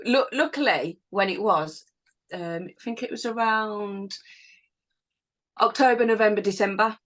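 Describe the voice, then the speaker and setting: A woman fitness instructor, a guest in a casual interview, telling her story in a chatty, animated way with fillers. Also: medium pitch, unhurried.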